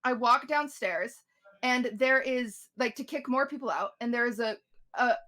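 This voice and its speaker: A woman telling a party story in casual chat, lively and swearing as she acts out what people said. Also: on the high side, normal speed. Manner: animated storytelling, swearing, acted-out quotes. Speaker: podcast guest telling a story.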